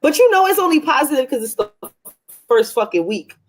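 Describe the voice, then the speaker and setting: A woman's voice: high voice, very animated, a little fast, faint music behind. Blunt, sardonic woman co-host. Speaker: podcast co-host. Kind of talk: casual chat.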